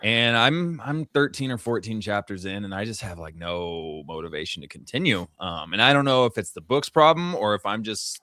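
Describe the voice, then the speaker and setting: Animated low-voiced man ranting casually. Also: normal speed, hardly any pauses, no echo, clean studio sound. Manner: animated, rambling with restarts. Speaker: podcast co-host. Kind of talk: casual chat. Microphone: remote call mic.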